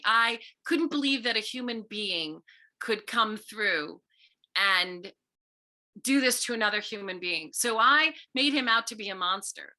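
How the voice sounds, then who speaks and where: A middle-aged woman author visits a school and tells stories to the children in an earnest way, now and then acting out the voices she quotes. Her voice sits at a medium pitch, with a bright, forceful tone.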